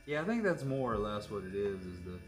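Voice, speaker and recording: A man's voice: lowish voice, very animated, brisk, soft background music. A man chatting casually while he tattoos, rambling and joking with lots of fillers. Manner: rambling, jokey storytelling with many fillers. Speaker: tattoo artist. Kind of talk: casual chat while working.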